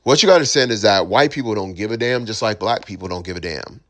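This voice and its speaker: A man's voice: on the low side, fast talker, a bit bright. A man giving his opinions in a casual, slangy monologue, full of restarts and asides to the listener. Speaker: commentator.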